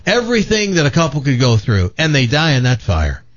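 A male radio host chatting casually and telling a long joke with animated storytelling. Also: mid-range voice, fairly quick, dry recording, highs cut off.

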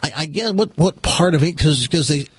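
A man's voice: a little high, lively intonation, fairly quick, husky, no echo. An American man hosting a radio show, joking and teasing his guest. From United States. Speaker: radio host. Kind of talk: casual radio chat.

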